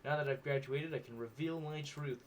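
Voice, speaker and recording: A man's voice: on the high side, normal speed, slight background noise, close to an everyday voice. Man playing a stiff alien student, formal robotic speech. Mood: solemn. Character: stiff male alien classmate, robotic talk.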